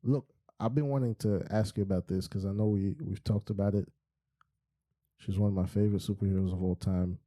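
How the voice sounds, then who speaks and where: A man co-hosting a pop culture podcast, telling stories in a casual, slangy and animated way. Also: fairly low pitch, a little fast. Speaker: podcast co-host. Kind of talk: casual chat.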